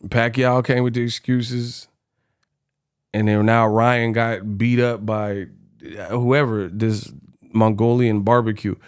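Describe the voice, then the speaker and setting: A man's voice: medium pitch, flat delivery, takes it slowly, clear, resonant tone. A young man giving casual boxing commentary, slangy and laughing often, calling listeners bro and y'all. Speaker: boxing vlogger.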